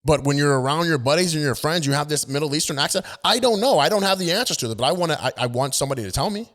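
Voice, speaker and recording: A man's voice: a little high, lively intonation, racing, a bit bright. A man ranting as a political commentator, emphatic and indignant, stumbling into restarts.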